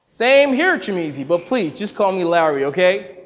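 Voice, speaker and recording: Eager director, played by a man, high and animated, stage reverb. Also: normal speed. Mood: friendly. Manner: upbeat, enthusiastic, chatty. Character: eager white American male film director.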